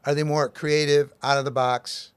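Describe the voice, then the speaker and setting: A man's voice: fairly high pitch, level tone, normal speed, smooth, no room sound. Emphatic man explaining, dry sound. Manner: emphatic, uses lots of everyday examples. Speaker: author and guest speaker. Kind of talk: interview, explaining a method.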